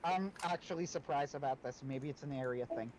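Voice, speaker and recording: A man co-hosting a casual livestream chat, chatty and quick to laugh as he tells stories. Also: mid-range voice, background noise. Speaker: livestream co-host.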